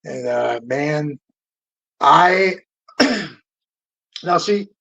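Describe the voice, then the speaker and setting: A man's voice: fairly high pitch, expressive, very slow, vocal fry, sharp tone. A man in his fifties from Southern California, a podcast guest telling stories in a loose, rambling way, swearing often and stopping and restarting with lots of fillers. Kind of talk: casual storytelling interview. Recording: dull lo-fi audio.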